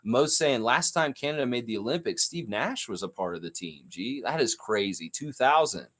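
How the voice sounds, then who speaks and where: A man's voice: medium pitch, animated, normal speed, fairly bright tone. A man hosting a live stream, talking in a casual, rambling way and answering comments from the chat.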